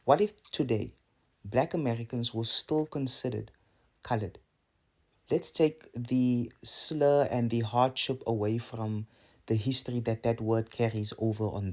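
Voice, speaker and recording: A South African man giving an earnest opinion monologue, leaning on rhetorical questions and drawn-out repeated phrases. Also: medium pitch, a little mellow. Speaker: video commentator.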